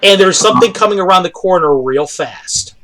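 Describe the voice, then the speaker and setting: Each hit and miss in a fantasy battle gets described by a male game master who speaks haltingly, with many ums, uhs, and pauses. His high-pitched voice is expressive and fairly bright in tone.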